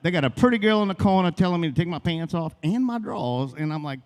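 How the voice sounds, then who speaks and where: A man's voice: on the high side, expressive, fast, darkish tone, big-room sound. A man in his fifties from Louisiana doing a first open-mic stand-up set, rambling, folksy and long-winded. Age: 50s. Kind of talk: stand-up storytelling. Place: comedy club stage.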